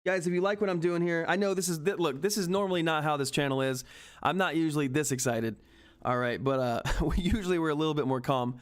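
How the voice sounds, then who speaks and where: A man with a slightly raised voice hosts a stock trading livestream. He talks to his viewers excitably, calling them guys and checking in with "all right?" between thoughts. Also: a little high, fast, clean tone. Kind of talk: excited livestream market commentary.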